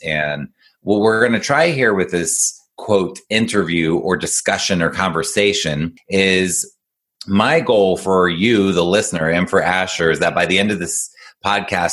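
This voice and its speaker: A man with a very deep voice coaching kids in a casual conversation. He explains in an upbeat, patient way, often checking in with his listener. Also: fairly bright tone. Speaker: executive functioning coach.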